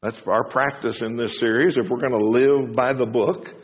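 A man delivers a sermon in a homespun storytelling way, lifting his voice high for quoted lines. The sound is dull and lo-fi, with a long reverb trailing each phrase. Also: steady tone, normal speed. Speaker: preacher.

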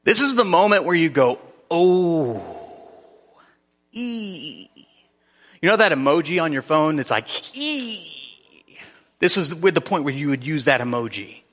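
A man's voice: on the high side, expressive, fast talker, hardly any pauses, fairly bright tone, in a large hall. A man preaching a sermon in a conversational way, often restarting his sentences. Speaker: pastor.

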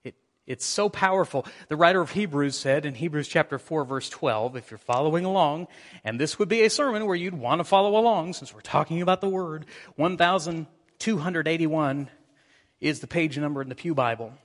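A man delivers a lively sermon from the pulpit, reading passages and calling on listeners. His voice sits a little high for a man. The sound carries a long church reverb. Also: a little fast. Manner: energetic preaching, reads scripture aloud, engages congregation. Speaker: pastor. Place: church sanctuary.

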